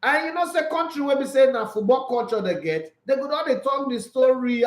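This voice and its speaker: A man with a Nigerian accent hosting a casual sports livestream, animated, laughing often and switching between Pidgin and English. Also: extremely high pitch, brisk, hardly any pauses, reverberant.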